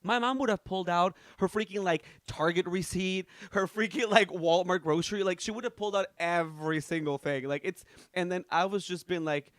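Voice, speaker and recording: A man's voice: sits high, brisk, a bit bright, no room sound. A man co-hosting a podcast in casual chat, teasing his co-host and laughing as he talks. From Latin American family.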